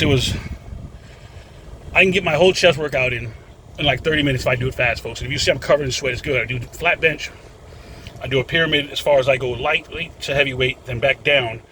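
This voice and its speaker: A man's voice: mid-range voice, background noise. A man in his thirties ranting casually to the camera outside a gym, rambling and calling his viewers folks. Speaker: vlogger.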